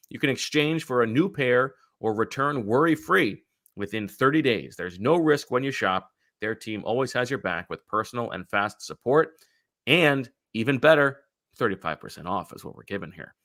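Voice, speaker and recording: A man's voice: mid-range voice, fairly bright tone, no room sound, studio quality. A man co-hosting a sports podcast, reading an ad and chatting about football with many fillers and restarts. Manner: halting, filler-heavy delivery. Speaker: podcast co-host. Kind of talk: casual sports chat with host-read ads.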